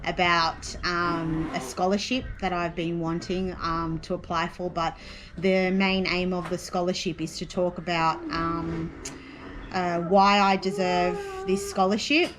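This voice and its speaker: A woman's voice: on the low side, steady tone, measured pace, noisy background. A woman talking casually to her vlog viewers, chatty and full of fillers. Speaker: vlogger.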